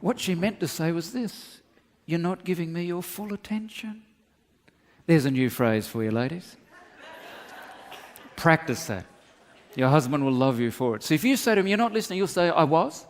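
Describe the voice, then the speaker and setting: Humorous pastor, echoing hall. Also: male voice, a little high, animated, moderate pace, pauses often. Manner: humorous, acts out dialogue, laughs often. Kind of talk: sermon. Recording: long hall reverb.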